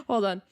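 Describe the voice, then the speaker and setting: A woman streamer chatting casually on a live stream, ranting in an exasperated way and laughing often.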